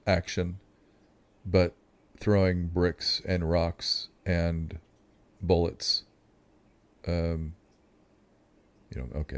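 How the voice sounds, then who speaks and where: A man's voice: deep voice, a little mellow. A man hosting reaction commentary, adding dry, sarcastic asides. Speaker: commentary host.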